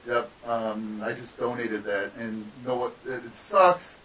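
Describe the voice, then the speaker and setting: A man's voice: medium pitch, normal speed, fairly bright tone. A man, a guest artist, telling rambling, profane stories in a casual podcast interview. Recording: distant, dull lo-fi mic with faint hiss.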